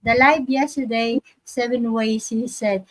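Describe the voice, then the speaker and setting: Slow-talking woman on a live stream. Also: on the high side, steady tone, poor audio. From Philippines. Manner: chatty, reads viewer comments aloud, laughs often. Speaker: vlogger hosting a live stream. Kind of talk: casual live-stream chat.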